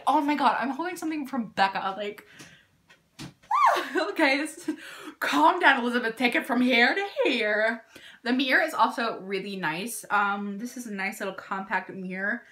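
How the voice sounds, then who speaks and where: A young woman in a casual beauty unboxing vlog, gushing and excitable as she talks to her viewers. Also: on the high side. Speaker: beauty YouTuber.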